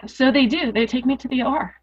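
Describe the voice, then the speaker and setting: A woman with a fairly high voice tells a painful personal story as an interview guest. She is earnest and emotional and circles back on the same phrases to stress them. The audio is muffled and lo-fi, like a modest podcast setup. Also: fast talker, husky. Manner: earnest, repeats phrases for emphasis; emotional, rising intensity.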